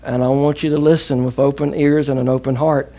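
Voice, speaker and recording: A man's voice: mid-range voice, flat delivery, a little fast, warm tone. A middle-aged man with a Southern US accent, preaching a sermon as pastor, calling on the congregation to repeat after him. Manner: emphatic preaching with call-and-response.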